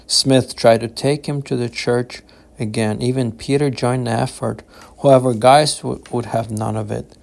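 A man reading his own novel aloud in a slow, measured, solemn audiobook narration. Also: medium pitch, creaky, a little mellow.

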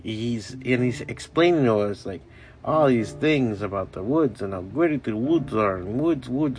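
A man hosting a solo podcast, rambling and swearing freely as he tells a loose story. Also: medium pitch. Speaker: podcast host. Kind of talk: casual solo podcast monologue.

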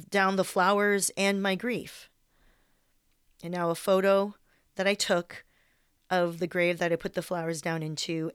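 A woman's voice: lowish voice, fairly bright tone, clean tone, no echo, clean studio sound. A young woman reading her personal essay aloud in a candid, wry way, with some swearing.

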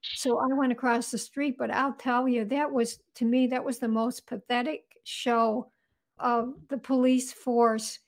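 A woman's voice: a little high, little pitch movement, unhurried. A woman being interviewed as an author, earnestly recounting events in vivid detail. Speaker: guest author. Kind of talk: interview storytelling.

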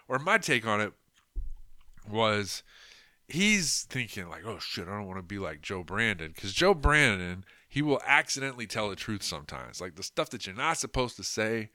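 A man's medium-pitched voice sounds bright and forceful in a dry, clean studio recording. Hosting a podcast of casual political commentary, he rambles crudely and mockingly with plenty of fillers.

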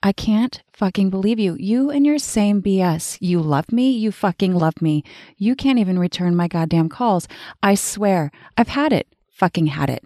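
A woman's voice: mid-range voice, expressive, moderate pace, mellow, dry recording, clean studio sound, lightly acted. A woman voicing an anxious, lovesick woman who leaves pleading voicemails for a man who does not call back. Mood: furious. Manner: pleading, then swearing in frustration.

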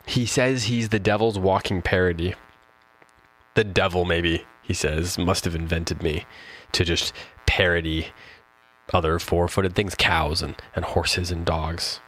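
A man's voice: low voice, steady tone, measured pace, a bit bright, poor audio. A man hosting a poetry show, talking casually and thoughtfully about a poem, with fillers and restarts. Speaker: poetry podcast host. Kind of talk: casual talk about a poem with slow read-aloud.

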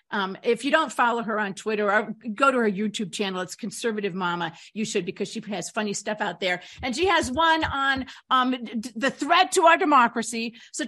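Chatty lady co-hosting a talk show, kinda high voice, laughs, trips over her words. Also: sharp tone. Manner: chatty, laughing, many restarts. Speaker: radio talk show co-host. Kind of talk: casual political talk.

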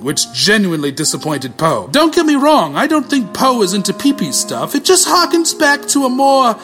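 High, whiny comic narrator, a man. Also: a bit bright. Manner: whiny, self-pitying, rambling asides. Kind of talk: comedic audio drama narration.

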